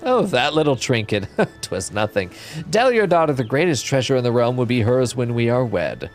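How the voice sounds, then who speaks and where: A man's voice: medium pitch, sing-song, moderate pace, faint music behind, natural voice. A man voicing an arrogant, vain young nobleman with a British accent, haughty and drawling.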